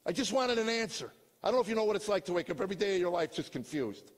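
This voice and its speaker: An older man tells his own story as a comedian's testimony, moving between hushed lines and loud shouts. His voice is husky and sits a bit high for a man. It rings out in a hall with a long echo. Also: animated, very fast. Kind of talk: personal testimony.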